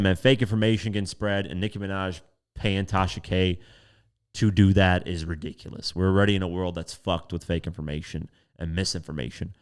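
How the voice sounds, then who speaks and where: A man hosting a commentary podcast, talking casually with exasperation and some swearing. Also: low-pitched. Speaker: podcast host.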